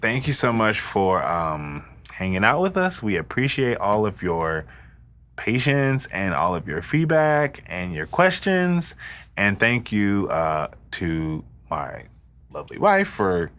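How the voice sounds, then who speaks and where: Playful man with lively pitch. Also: slow. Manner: playful, jokey, quotes scripture. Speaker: co-host. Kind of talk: casual chat.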